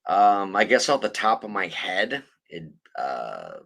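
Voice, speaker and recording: A man's voice: low voice, very animated, slow, vocal fry, fairly bright tone. A man hosting a podcast, telling a story in a rambling, profane way. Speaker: podcast host. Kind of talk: casual chat.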